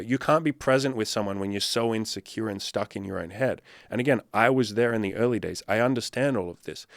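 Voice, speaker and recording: A man's voice: mid-range voice, no echo, studio quality. A man talking as a dating coach in a blunt, casual rant, swearing often and acting out both sides of imagined conversations.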